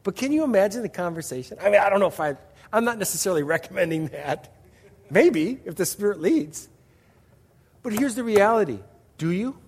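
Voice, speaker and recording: A man's voice: high-pitched, expressive, brisk, breathy edge, long reverb tail. A man preaching a sermon, emphatic and story-driven, asking the crowd rhetorical questions. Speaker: pastor.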